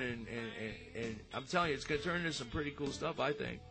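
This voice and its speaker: A man's voice: medium pitch, quick pace, vocal fry, over music. A man hosting a casual show, chatting and joking with a guest on the phone, rambling with many restarts. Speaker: show host. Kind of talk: casual chat.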